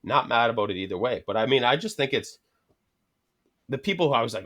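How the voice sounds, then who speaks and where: A man's voice: fairly low pitch, a little fast. A man with a Canadian accent chatting casually on a podcast, swearing freely and laughing often as he tells stories. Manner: profane, laughing often, animated storytelling. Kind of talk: casual chat.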